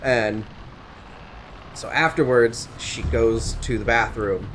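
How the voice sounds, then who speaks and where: A man's voice: medium pitch, slow, fairly bright tone, a little hiss or hum. A young man in casual chat, animatedly retelling a story with asides and swearing while gaming. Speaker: co-host.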